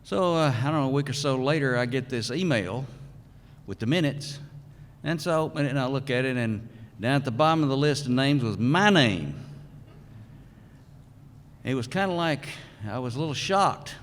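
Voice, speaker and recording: Older man at a podium, folksy storyteller, pauses a lot, mid-pitched, long reverb of a big hall. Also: lively intonation. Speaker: hall of fame inductee. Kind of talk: acceptance speech with a folksy joke.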